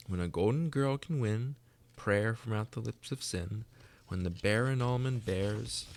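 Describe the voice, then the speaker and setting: An earnest young girl from an old storybook, as a man with a deep, gravelly voice puts her on. She talks in a raised, eager voice that stays gentle and sincere. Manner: raised pitch, bright and eager.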